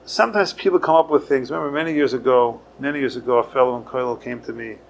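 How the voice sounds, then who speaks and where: Gravelly-voiced rabbi teaching a class. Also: male voice, medium pitch, fast talker, a little hiss or hum. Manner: conversational teaching, lively with sudden emphasis. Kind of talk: Torah lecture.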